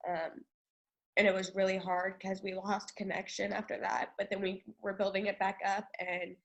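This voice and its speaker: A woman taking part in a spiritual reading, speaking hesitantly with halting fillers. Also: mid-range voice, little pitch movement, highs cut off. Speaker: reading participant.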